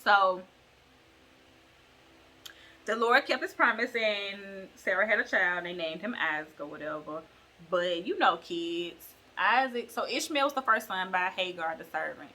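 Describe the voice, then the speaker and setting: A woman vlogger retells scripture in a loose, chatty way, full of slang and side comments. Her voice is bright and clear at a middle pitch. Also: a little slow. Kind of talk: casual bible retelling.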